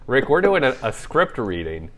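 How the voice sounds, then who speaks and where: A young man co-hosting a casual podcast chat, teasing in a dry, low-key way. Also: big pitch swings, normal speed. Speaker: podcast co-host.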